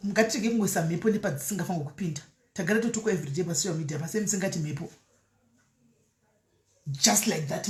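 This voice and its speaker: A woman chats on a live stream, answering viewer comments and switching easily between Shona and English. Her voice sits at an ordinary middle pitch. The sound carries a noticeable echo, as if she is in a bare room. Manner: chatty, mixes Shona with English, laughs often. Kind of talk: casual live-stream chat, reading comments.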